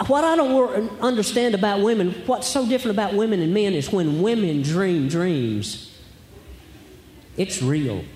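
A man's voice: sits high, lively intonation, normal speed, a little mellow. A man performing a stand-up comedy routine on stage, telling wry stories and asking rhetorical questions. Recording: echoey hall, faint background noise.

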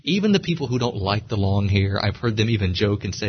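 Low-voiced guy interviewing, chatty and rambly, dull muffled audio. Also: animated, quick pace. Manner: chatty, admiring, rambling questions. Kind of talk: casual interview chat.

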